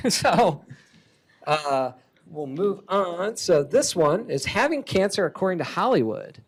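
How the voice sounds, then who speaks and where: A man giving a keynote talk as a comic artist, lively and chatty, laughing often. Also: on the high side, unhurried. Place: conference hall stage.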